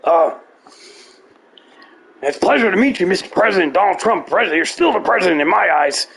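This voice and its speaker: A man impersonating an excitable, salesy conspiracy radio host who talks fast and rambles in a blustering way. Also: sits high, gravelly, slight background noise, heavily acted. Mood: ranting.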